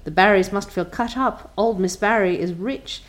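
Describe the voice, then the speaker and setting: A nosy, opinionated older village matron, as a woman reader puts her on, talking with plain self-assurance. She lectures and gossips in a storybook reading with an ordinary, middle pitch. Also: normal speed, close to an everyday voice. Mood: gossiping. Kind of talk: audiobook character voice.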